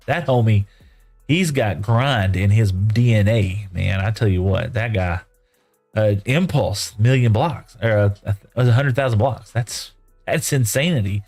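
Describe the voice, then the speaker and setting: A middle-aged game streamer with a fairly low, darkish voice tells stories casually while he plays, with light music underneath. He's a chatty, folksy storyteller who rambles, using lots of "you know" and "right?".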